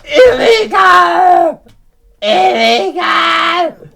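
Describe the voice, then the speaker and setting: A man voicing an outraged male citizen yelling at a town hall meeting. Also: extremely high pitch, big pitch swings, extremely slow, creaky, voice pushed up, exaggerated voice.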